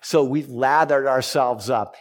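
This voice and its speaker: A middle-aged man preaching a sermon, telling a personal story and reading scripture with lively, expressive delivery. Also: a little slow. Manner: storytelling, animated with big pitch swings. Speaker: pastor.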